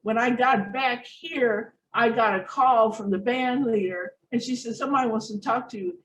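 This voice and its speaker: Animated storytelling woman, echoey and distant. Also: on the high side, normal speed, slight background noise. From North Omaha, Nebraska. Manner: animated, acts out other people's voices in her stories. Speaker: guest musician. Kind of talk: casual storytelling interview. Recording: echoey, distant room sound.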